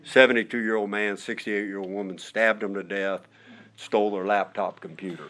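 Middle-aged guy, prison chaplain boss, low voice, folksy storytelling, does the voices of the people he quotes. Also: moderate pace. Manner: animated, acts out quoted voices; folksy, conversational. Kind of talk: storytelling testimony.

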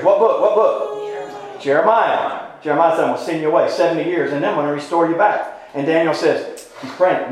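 A man teaching a Bible class, folksy and informal, quizzing his listeners with repeated questions. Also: high voice. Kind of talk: interactive Bible class lecture. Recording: very echoey room.

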